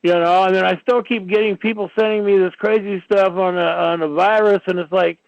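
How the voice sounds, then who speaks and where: A man with a high, gravelly voice rants his way through a rambling radio monologue, leaning on "you know" again and again. The sound is dry and close, with a dull, lo-fi radio quality. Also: fairly even intonation, fairly quick, no room sound. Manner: ranting, filler-heavy, many "you know"s. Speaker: radio show host.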